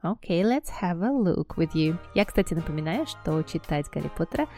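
A woman with a Russian accent hosting an English lesson podcast, chatting warmly and reading a story aloud. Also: fairly low pitch, animated, a little fast, faint music behind. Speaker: English teacher and podcast host. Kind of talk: language lesson with read-aloud.

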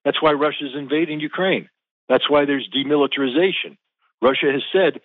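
A man's voice: fairly high pitch, a little fast, dry recording. A man speaking as a guest military analyst, emphatic and blunt, stressing his points by repeating them. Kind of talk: interview answer. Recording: tinny phone-line audio.

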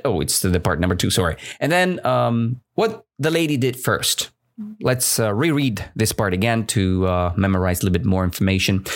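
A man teaching English who walks learners through a story, often checking in with "right?". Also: mid-range voice. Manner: repeats words and checks in with "right?".

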